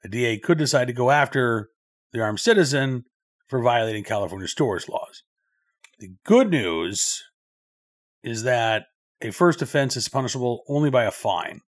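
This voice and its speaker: Male commentary host, mid-range voice, conversational and halting, thinking aloud on air. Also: medium pitch, expressive. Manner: loose, thinking aloud with frequent filler pauses.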